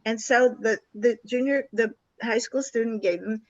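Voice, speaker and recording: An older woman, appearing as a guest in a conversational interview, tells a story with lively energy and acts out the voices of the people she quotes. Her voice sits on the high side at a normal speed. The recording is dull, lo-fi, dry, and close, with no sense of room.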